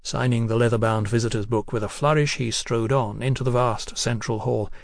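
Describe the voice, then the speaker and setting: A man narrating a novel in a measured, even storytelling manner. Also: medium pitch, vocal fry, no echo. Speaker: audiobook narrator. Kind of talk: scripted narration.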